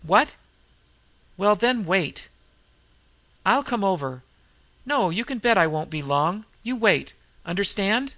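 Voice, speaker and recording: A crafty, wizened old crook who grunts and snarls his threats, as a male reader puts him on. His voice is gravelly and sharp-edged, pitched a bit high, in a dry, close audiobook reading. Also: moderate pace, no room sound. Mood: snarling.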